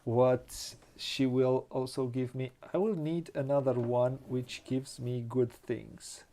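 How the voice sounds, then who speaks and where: Host of a tabletop playthrough: a man with a Romanian accent who speaks at a very unhurried pace and mutters his moves aloud. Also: medium pitch, fairly even intonation, mellow, a little hiss or hum. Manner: slow, hesitant, muttering to himself, laughs often. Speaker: board game channel host. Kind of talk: thinking aloud during a board game playthrough.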